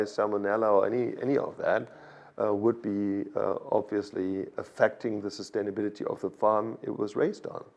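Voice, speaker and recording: This animal science expert, a guest on a podcast, has a German accent and a medium-pitched, slightly mellow voice with vocal fry. He explains his topic in a lecturing style, repeatedly checking in with "okay?".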